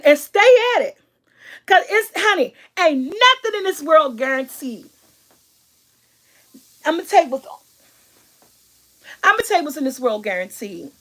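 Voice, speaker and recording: A woman's voice: high voice, a bit bright. A middle-aged woman vlogger, giving an emphatic, preachy motivational talk and repeating her key lines.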